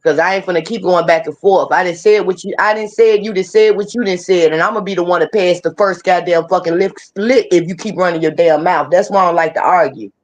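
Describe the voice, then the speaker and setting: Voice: medium pitch, fast talker, few pauses. A co-host in a casual talk, speaking frankly and emphatically, with a lot of swearing. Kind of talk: casual chat.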